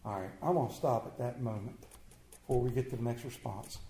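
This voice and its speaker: A man preaching a sermon as pastor, emphatic and animated, swinging from loud to hushed. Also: medium pitch, a little fast, roomy sound, slight background noise, poor audio.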